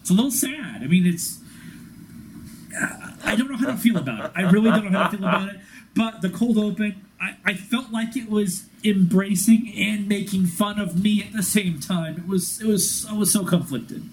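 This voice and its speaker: A man co-hosting a casual fan podcast, excitable and quick, laughing at himself as he talks. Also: sits high, slight background noise, poor audio. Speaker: podcast co-host.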